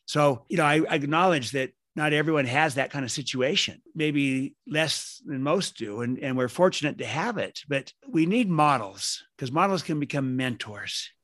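A man's voice: on the high side, animated, normal speed, few pauses, a bit bright, no echo. Man telling family stories, dry sound. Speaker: guest author. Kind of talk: podcast interview.

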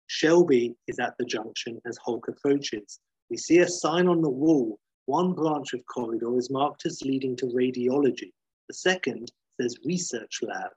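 Husky man recapping with dry wit. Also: medium pitch, a little mellow, no echo, poor audio. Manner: dry, sardonic asides. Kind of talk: wry episode recap narration.

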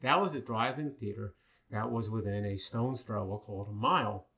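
An older man from Long Island, New York, telling stories in a casual chat, animated and full of fillers. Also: fairly low pitch, moderate pace. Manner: animated storyteller with many fillers.

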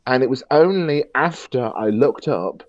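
A man co-hosting a podcast in casual chat, animated and acting out his own reactions. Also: medium pitch, a little slow, no echo, muffled recording. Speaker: podcast co-host.

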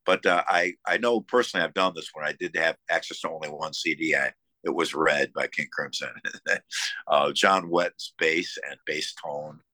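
A man from the Buffalo area with a very low voice that still sounds bright and forceful. He tells stories with enthusiasm but keeps stopping on fillers and restarting his sentences. The sound is dry and close, with no room echo. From United States, Buffalo area. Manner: halting, many fillers and restarts; enthusiastic storytelling. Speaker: musician guest. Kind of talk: casual interview conversation.

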